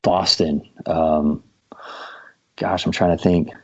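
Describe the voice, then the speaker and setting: Slow and flat, the voice is deep, darkish, and a bit rough, belonging to a drummer of roughly forty appearing as a podcast guest. He spins relaxed stories with plenty of fillers, and the recording has a dull lo-fi quality.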